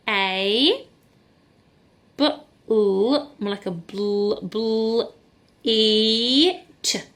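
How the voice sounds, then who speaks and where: A woman teaching a phonics lesson to camera, slowly sounding out letters and blending words in an encouraging way. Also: on the high side, a bit bright. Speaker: primary school teacher. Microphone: camera in front of her.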